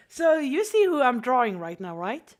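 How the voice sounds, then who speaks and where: A woman's voice: high voice, a little mellow. Chatty swearing woman streamer. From Sweden. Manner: chatty, swears freely, laughs often. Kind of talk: casual livestream chat while drawing.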